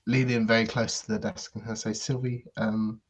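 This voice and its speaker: A man's voice: fairly low pitch, little pitch movement, quick pace, slightly rough. A man playing a tabletop game, describing his character's actions in a hesitant way. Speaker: player.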